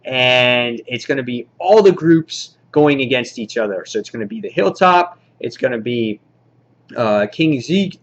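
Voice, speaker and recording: A man casually reviewing a comic book, rambling excitedly and acting out the characters' lines. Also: mid-range voice, dull audio.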